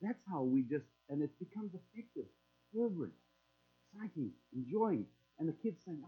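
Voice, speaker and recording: Middle-aged male preacher, high voice, folksy sermon delivery, tinny phone-line sound. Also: very animated, normal speed. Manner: conversational and folksy, acting out prayers in quoted voices.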